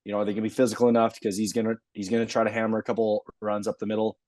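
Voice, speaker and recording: A man's voice: lowish voice, flat delivery, very fast, darkish tone, no room sound. A man co-hosting a casual sports podcast, a teasing talker who laughs often. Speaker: podcast co-host.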